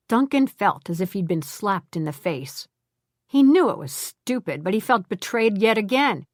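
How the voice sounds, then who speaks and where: A woman narrating a novel in an even, measured storytelling voice. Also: medium pitch, no echo, clean studio sound. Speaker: audiobook narrator.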